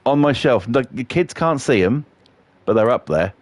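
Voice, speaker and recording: A middle-aged man tells loose, rambling stories during a live stream and swears freely as he goes. His voice sits at an ordinary mid pitch and sounds dry and close, with almost no room sound. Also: lively intonation, normal speed, no echo. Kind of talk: casual storytelling while playing a game live.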